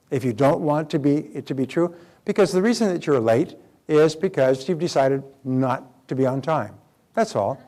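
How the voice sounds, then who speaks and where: A man's voice: medium pitch, darkish tone. Emphatic middle-aged male seminar speaker. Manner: emphatic, acts out quoted dialogue. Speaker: self-development speaker. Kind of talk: motivational seminar talk.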